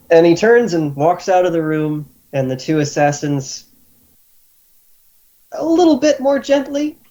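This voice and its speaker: A man running a tabletop game as game master, narrating scenes in a relaxed, descriptive way. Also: fairly high pitch, poor audio.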